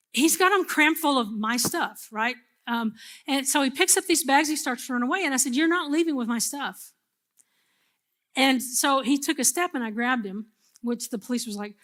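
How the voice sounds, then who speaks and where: A middle-aged woman pastor preaching a sermon, telling a personal story in an animated, humorous way. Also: high voice.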